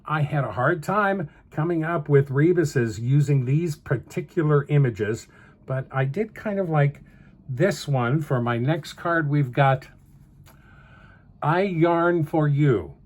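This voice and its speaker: A man's voice: a little high, unhurried. Chatty man walking through handmade cards. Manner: chatty, chuckles between remarks. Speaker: card-making channel host. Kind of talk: crafting tutorial narration.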